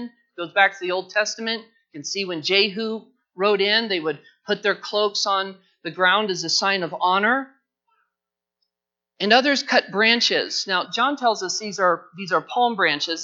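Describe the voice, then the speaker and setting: A man preaching a sermon in an earnest, emphatic way, his voice high and bright with a forceful edge. He leans on repeated phrases as he builds his points. The recording sounds dull and lo-fi. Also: moderate pace. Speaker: pastor.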